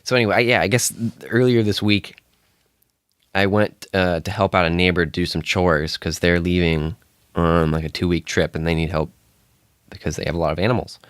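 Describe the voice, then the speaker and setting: Young male podcast host, lowish voice, dry close sound, loose rambling monologue. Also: steady tone, normal speed, smooth, no echo. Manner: rambling, self-interrupting, chuckles often. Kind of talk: casual solo podcast monologue.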